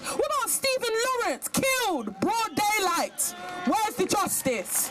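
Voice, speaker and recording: A woman's voice: extremely high pitch, very animated, unhurried, hardly any pauses, a loud crowd. A young woman giving an impassioned speech at an outdoor protest in the rain, firing off emphatic rhetorical questions. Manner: rhetorical questions, emphatic, sings a short verse. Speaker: protest speaker. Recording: outdoor recording with street noise.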